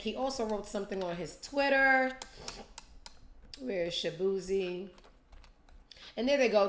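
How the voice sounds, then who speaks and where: Woman host, blunt, scornful ranting commentary, mid-pitched voice, roomy echo. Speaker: show host.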